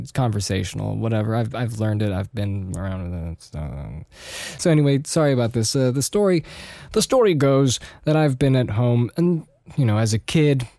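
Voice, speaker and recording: A man's voice: on the low side, vocal fry, warm tone, no echo, studio quality. A man hosting a podcast, telling a meandering personal story with many restarts and fillers. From United States and Austria. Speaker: podcast host. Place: studio.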